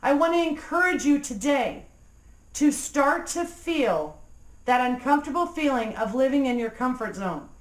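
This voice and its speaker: Brief: woman in her forties, motivational speaker, bright high voice, echoey room, earnest. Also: expressive. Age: 40s. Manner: earnest, slows down and drops low on key phrases. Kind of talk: motivational talk to camera. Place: room with a phone ringing nearby.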